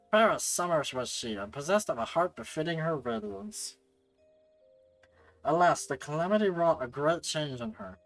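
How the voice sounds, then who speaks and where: A man voicing an elderly, grieving household servant from a game, in a gravelly put-on voice with a Scottish accent, in a low, hushed storytelling tone. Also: poor audio. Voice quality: gravelly gremlin voice. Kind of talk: reading game dialogue aloud.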